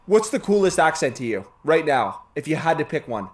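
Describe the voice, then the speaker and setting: A man from Canada co-hosting a podcast, talking in a casual, animated way, swearing and laughing often. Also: a little high, brisk. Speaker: podcast co-host. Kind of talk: casual chat.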